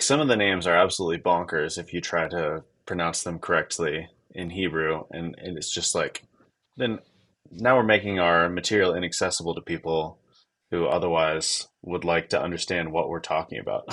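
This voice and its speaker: A man co-hosting a podcast, chatting casually, thinking out loud and laughing easily. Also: sits low. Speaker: podcast co-host. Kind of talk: casual conversation.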